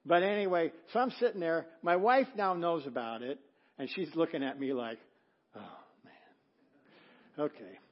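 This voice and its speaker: A middle-aged male pastor preaching a sermon, telling a story with acted-out quotes and swinging from loud to hushed. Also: a little high, brisk, lo-fi sound. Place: church sanctuary.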